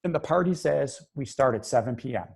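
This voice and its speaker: A male psychologist presents a webinar in a loose, conversational way, often restarting his sentences. His voice is husky and darkly mellow, and he sounds like he is speaking into a computer mic on a video call. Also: mid-range voice, expressive, a little fast. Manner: conversational, many restarts and fillers, quotes clients in brief voices.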